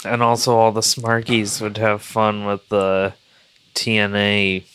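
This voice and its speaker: A man with a smooth, resonant middle voice chatting on a podcast. He rambles and restarts as he works through his point. The recording is dry and close. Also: lowish voice, monotone, a little slow, fairly bright tone, no room sound. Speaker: podcast co-host. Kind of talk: casual chat.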